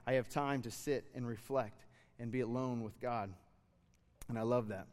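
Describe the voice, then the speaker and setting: A man in his thirties giving a sermon as a pastor, relaxed and storytelling, then rising to fervent exhortation. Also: mid-range voice, moderate pace, big-room sound. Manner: conversational, building to fervent exhortation.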